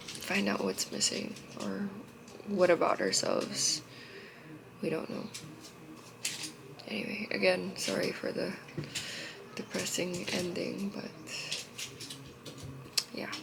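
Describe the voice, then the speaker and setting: A young woman records a confessional vlog through tears. Her voice is gravelly with fry and unhurried, halting and heavy with emotion. She often sinks into soft, trailing murmurs. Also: fairly low pitch, fairly even intonation, background noise. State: tearful. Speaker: vlogger.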